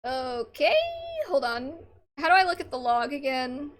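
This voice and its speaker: High-voiced woman streamer. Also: a little slow, a bit bright. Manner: incredulous, swearing, laughing. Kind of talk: casual game stream commentary.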